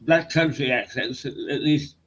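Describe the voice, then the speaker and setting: A man's voice: medium pitch, unhurried, fairly bright tone, dull audio, slight background noise. An older man from the English Midlands, hosting an online talk show and telling rambling, hesitant stories of his broadcasting days. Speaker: host and veteran broadcaster. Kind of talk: conversational interview. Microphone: video call.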